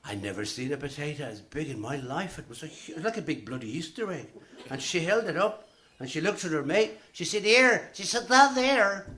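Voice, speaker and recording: A middle-aged man doing live stand-up comedy, telling quick jokes and slipping into voices for the punchlines. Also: a little high, animated, a little hiss or hum. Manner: brisk joke-telling, swapping voices for punchlines.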